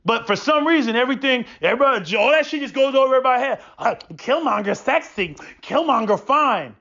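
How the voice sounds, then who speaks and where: Man, high voice, preachy profane rant, stammering restarts, dull lo-fi recording. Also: animated, quick pace, bright, forceful tone. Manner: preachy, swears often, stammers into repeated restarts. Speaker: podcast host. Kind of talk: profane opinion monologue. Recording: dull lo-fi sound.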